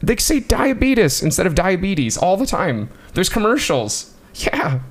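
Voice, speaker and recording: A man bantering and joking on a podcast, laughing often and reacting with quick asides. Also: high-pitched, sing-song. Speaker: podcast co-host. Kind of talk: casual banter.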